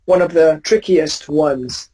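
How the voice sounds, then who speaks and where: A woman's voice: sits low, takes it slowly, dark tone, poor audio. A woman teaching English pronunciation in a class drill, patiently correcting students and repeating each word as a model.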